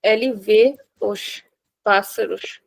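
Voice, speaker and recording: A woman teaching a language class, speaking slowly and patiently and repeating words for her students. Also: medium pitch, vocal fry, poor audio.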